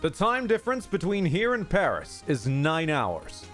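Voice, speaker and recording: A man's voice: a little high, wildly swooping pitch, measured pace, fairly bright tone, faint music behind. A man streaming a game, reading its dialogue aloud theatrically with joking asides.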